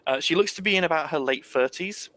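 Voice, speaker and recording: A man's voice: a little high, fast talker, poor audio. Hesitant male game master. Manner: relaxed, hesitant with many ums. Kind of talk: narrating a tabletop game.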